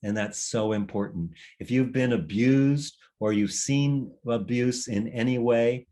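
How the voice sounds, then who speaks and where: A man's voice: medium pitch, measured pace, dark tone. Reflective male workshop leader. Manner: reflective, meandering, with restarts. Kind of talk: conversational teaching session.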